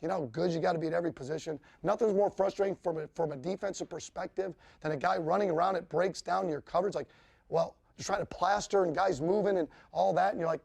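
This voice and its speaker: A man's voice: high voice, fast, creaky, a little mellow. A man coaching football players in a film session, blunt and emphatic, swearing freely as he explains plays. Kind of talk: film-room coaching talk.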